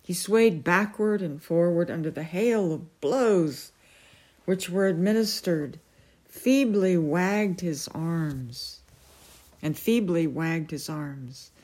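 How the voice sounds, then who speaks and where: A woman reading a novel aloud as a storyteller, measured and unhurried. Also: on the low side, a little mellow.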